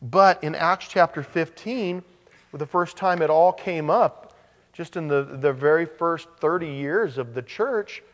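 A man preaching a sermon, animated, with joking asides and frequent restarts. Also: on the high side, measured pace, big-room sound. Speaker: pastor.

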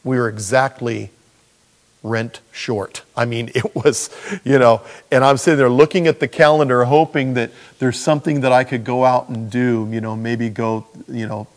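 A man preaching as a pastor, telling personal stories in an animated way. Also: mid-range voice, moderate pace. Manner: animated storyteller. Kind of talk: sermon with personal storytelling.

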